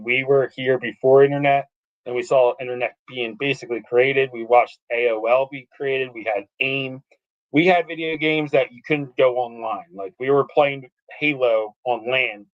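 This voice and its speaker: A man in his thirties appears as a guest on a casual podcast, telling stories in a rambling, animated way packed with fillers. His voice is mid-range, and the audio is dull.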